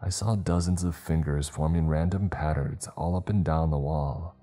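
A man reads a scripted horror story in a slow, measured way. His voice is extremely low and dark, with a mellow, heavy tone. Faint music plays quietly behind him. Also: fairly even intonation.

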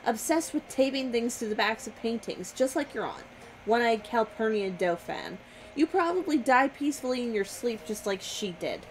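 A woman's voice: fairly high pitch, animated, a little hiss or hum, lightly acted, low-quality recording. A woman voicing an angry man scolding his relative in a game. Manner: exasperated, slow and scolding.

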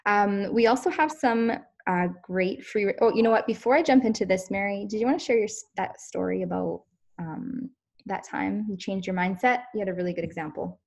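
A woman's voice: medium pitch, a little fast, creaky. Earnest woman hosting a wellness talk. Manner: earnest, lots of fillers and restarts. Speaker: host.

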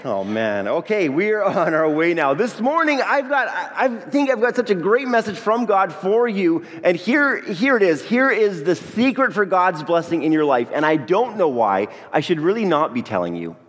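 Lively male pastor in a reverberant hall. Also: sits high, normal speed, hardly any pauses. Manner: lively, joking, talks to the congregation directly. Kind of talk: sermon. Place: church sanctuary. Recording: long reverb of a church hall.

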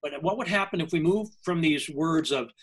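An older man in a conversational interview speaks as a language coach recounting a personal experience. His voice sits a little higher than most men's. He talks earnestly, stopping and restarting phrases as his thoughts catch up. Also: moderate pace, low-quality recording. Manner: earnest, self-interrupting storyteller.

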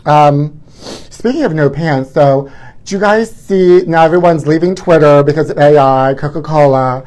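A man's voice: a little high, normal speed, darkish tone. A man hosting a live stream, chatting in a campy, gossipy way and calling his viewers honey. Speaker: livestream host.

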